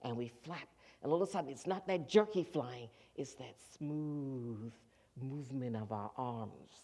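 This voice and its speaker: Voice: medium pitch, moderate pace, mellow. Minister, sermon, storytelling, acts out voices, church. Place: church sanctuary.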